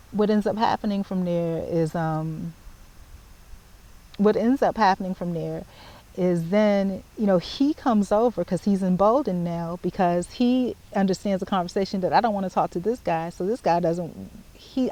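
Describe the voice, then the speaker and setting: A woman, telling a story to the camera in casual chat, animated and repeating herself as she spells out details. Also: medium pitch, rough recording. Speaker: vlogger.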